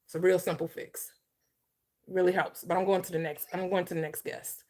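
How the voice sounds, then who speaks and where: A woman's voice: lowish voice, level tone, fairly quick. A woman hosting a live stream, arguing passionately, and her voice rises as she talks. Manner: passionate, loud, rising voice. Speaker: host. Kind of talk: heated live-stream debate.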